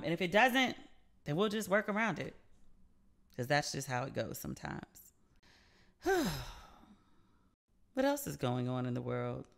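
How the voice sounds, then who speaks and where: A woman with a mid-range, fairly bright voice hosts her own podcast solo, speaking casually and candidly. She says "like" a lot and swears often.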